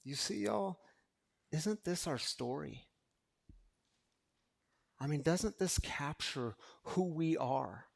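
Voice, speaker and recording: A man preaching a recovery sermon, swinging between hushed, intimate talk and loud, passionate preaching, with casual phrasing like "y'all". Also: fairly high pitch, animated, slow pace, gravelly, pauses often. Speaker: recovery community speaker.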